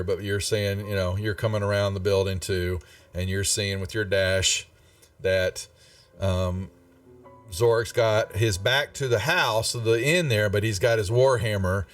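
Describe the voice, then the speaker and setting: Guy game master rambling through a live game, mic a bit far, quiet music behind. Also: lowish voice, fairly even intonation, measured pace. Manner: rambling, many restarts and fillers, chuckling. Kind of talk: running a live tabletop game.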